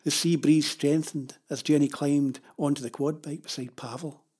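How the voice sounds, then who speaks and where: Storybook narrator, husky tone, measured and steady delivery. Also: medium pitch. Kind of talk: children's story reading.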